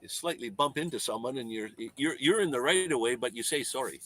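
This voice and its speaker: A man's voice: medium pitch, lively intonation, fast, fairly bright tone. A Canadian man in casual chat who tells corny jokes and laughs at his own lines.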